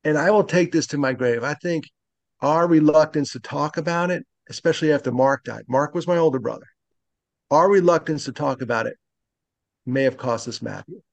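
A man's voice: fairly high pitch, moderate pace, creaky, no echo. A man in his late fifties, a podcast guest, talking earnestly and reflectively in conversation. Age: 50s. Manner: earnest and reflective, speaks openly about loss. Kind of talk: conversational interview.

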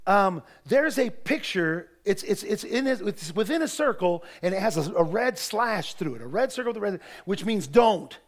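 A middle-aged man, preaching in church with folksy joking stories that build to shouted preaching. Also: sits high, expressive, normal speed, few pauses. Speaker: pastor. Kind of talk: sermon.

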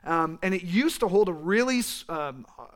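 A young man from California preaching a sermon in an animated, rambling way, with asides to the congregation. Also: high voice, moderate pace. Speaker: pastor.

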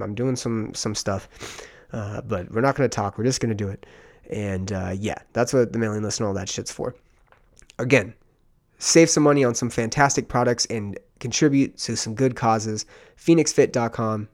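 A man's voice: fairly low pitch, moderate pace, gravelly. A man hosting a solo podcast, ranting in a rambling, profane, fired-up casual way. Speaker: podcast host.

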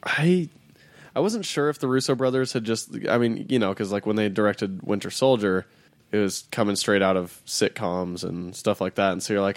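A man co-hosting a casual podcast chat, enthusiastic and quick to laugh. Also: fairly low pitch, no echo.

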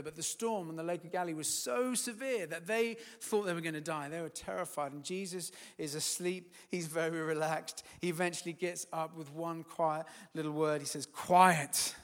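A man delivers a sermon in a bright, forceful voice. He swells to loud, emphatic peaks, then sinks to quiet, firm words. A long hall reverb trails behind him. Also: on the high side. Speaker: preacher.

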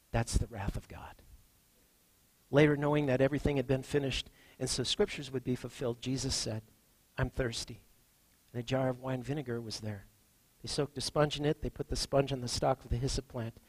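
A man preaching a sermon as pastor, earnest, reading scripture and moving between hushed and emphatic lines. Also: medium pitch, husky, dry recording, low-quality recording.

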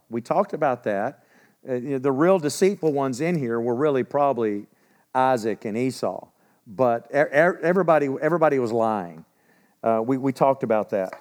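A man teaching from the Bible in a relaxed, conversational way, often clearing his throat and asking the listeners questions. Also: medium pitch.

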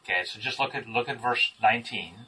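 A man's voice: mid-range voice, fast, sharp tone, husky, recorded from a distance, rough recording. A man leading a group Bible study, asking questions and praising the answers he gets. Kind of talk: interactive Bible study teaching.

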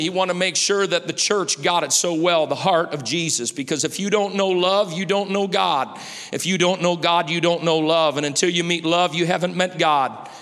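A man preaching a sermon as pastor, swinging from loud, emphatic calls down to soft, hushed near-whispers. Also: fairly high pitch, big-room sound.

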